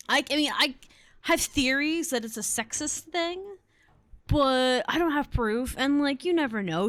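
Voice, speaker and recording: A chatty young woman in her twenties rambles through stories as she hosts a gaming video. Her voice sits at an ordinary middle pitch. It is recorded dry, with no room echo. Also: fairly bright tone. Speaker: gaming channel host. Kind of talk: casual chat over gameplay.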